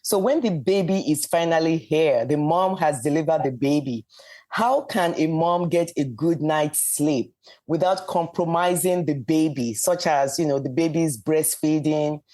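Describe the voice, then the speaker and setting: A man hosting a public education health podcast, a doctor who asks questions in a measured way with some hesitant fillers. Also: a little high, a little mellow.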